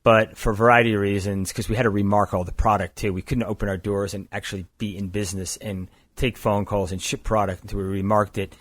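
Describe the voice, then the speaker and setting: An older man with a low voice tells his story in a relaxed, rambling way, backing up to correct himself as he goes. He sounds close to the mic in a dry, dead room. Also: quick pace, few pauses, no room sound. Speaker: company founder and guest. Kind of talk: conversational storytelling interview.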